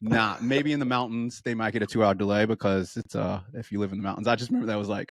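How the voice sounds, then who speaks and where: A man from New York, a podcast guest chatting casually, animated, laughing often and acting out quoted voices. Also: on the low side, fast, no room sound. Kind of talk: casual chat.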